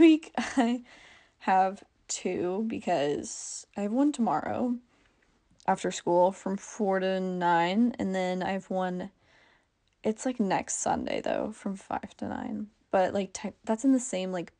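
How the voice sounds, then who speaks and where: A teenage girl talks casually on her own podcast, her voice sitting at an ordinary height with a steady gravelly fry. She rambles, keeps saying "like" and corrects herself as she goes. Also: mid-range voice. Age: teens. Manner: chatty, full of "like" and self-corrections. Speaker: podcast host. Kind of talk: casual chat.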